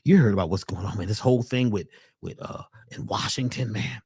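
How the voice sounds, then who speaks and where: A man voicing a worried, sweaty middle-aged repairman who talks in a slow, heavy, anxious drawl. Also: fairly low pitch, a little mellow, husky, no room sound, clean studio sound, pitched below the performer's own voice.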